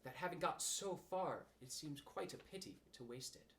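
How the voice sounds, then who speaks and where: A man's voice: on the high side, expressive, moderate pace, fairly bright tone. A man voicing a fussy, politely blunt rabbit in a storybook reading. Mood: brisk. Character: fussy, polite but pointed male rabbit.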